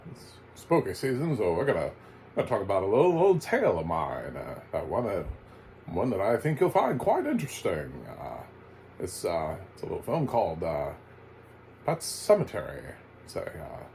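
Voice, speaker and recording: A man putting on the voice of an elderly male neighbor, speaking in a slow, hesitant, folksy drawl full of pauses. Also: deep voice, a little mellow, slight background noise.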